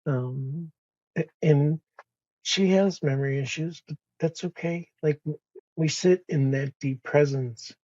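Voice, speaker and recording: A man speaking as a podcast guest in a slow, soft-spoken, reflective way, pausing often and restarting his sentences. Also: a little high, dry recording, muffled recording. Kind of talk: reflective conversation.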